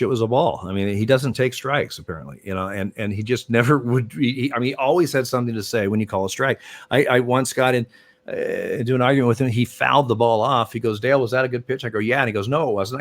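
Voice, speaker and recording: An older man, a former baseball umpire, tells stories as a guest in a casual interview, rambling with many fillers and restarts and getting animated when retelling arguments. His voice is fairly low, and the recording is dry.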